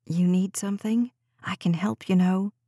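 A woman reading an audiobook voices a concerned, helpful daycare coworker in a gentle, offering manner. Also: mid-range voice, fairly even intonation, moderate pace, husky, no room sound, studio quality, close to an everyday voice.

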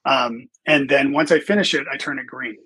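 Guy guest on a podcast, kinda husky, laid-back, lots of ums, explains stuff. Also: mid-range voice, normal speed, no room sound, poor audio. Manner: relaxed, many ums and uhs, explanatory. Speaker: podcast guest, presentation trainer. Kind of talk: casual podcast conversation.

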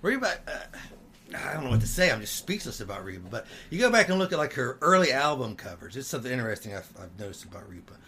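A man's voice: medium pitch, big pitch swings, fast talker, creaky, bright, forceful tone, slight background noise. Easygoing man co-hosting a podcast. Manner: easygoing, self-deprecating banter. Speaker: podcast co-host. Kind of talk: casual chat.

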